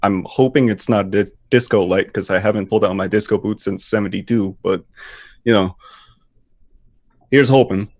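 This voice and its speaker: A deep-voiced man playing a tabletop role-playing game. His delivery is dry and exasperated. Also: moderate pace, long pauses, a little mellow. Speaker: player.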